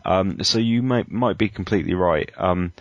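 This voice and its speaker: Deep-voiced man, dry sound. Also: normal speed, dry recording, dull audio. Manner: hesitant, critical opinions with many ums and uhs. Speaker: podcast co-host. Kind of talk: casual chat.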